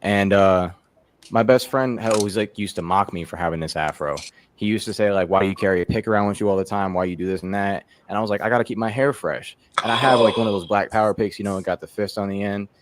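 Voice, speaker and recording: Man, stand-up comedian, lowish voice, loose profane storytelling. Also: fast talker, slight background noise. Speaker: comedian contestant.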